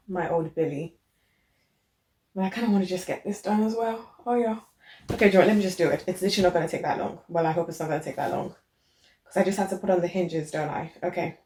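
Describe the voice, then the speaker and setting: Her voice is fairly low and mellow. Vlogging casually in her living room, she gives how-to chat about putting furniture together while eating, keeping it informal and chatty with plenty of "like" and "literally".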